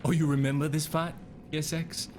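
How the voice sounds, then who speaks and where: A man's voice: fairly high pitch, level tone, fairly quick, darkish tone. Young male streamer, casual running commentary, faint background noise. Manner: chatty, talks to chat, reacts to the game. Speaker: game streamer.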